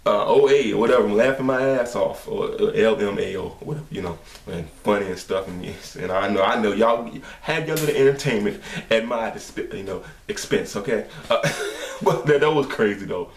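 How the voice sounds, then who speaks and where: A man hosting a reaction video, talking casually and profanely, quick to exclaim and laugh. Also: lowish voice, vocal fry, recorded from a distance. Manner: profane, excitable, shouts and laughs at clips. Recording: echoey room, voice off-mic, faint noise.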